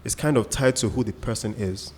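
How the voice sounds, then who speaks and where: A man's voice: medium pitch, a little fast, slightly rough, in a large hall. A man, co-hosting a casual podcast chat and explaining his views through examples and asides. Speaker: co-host.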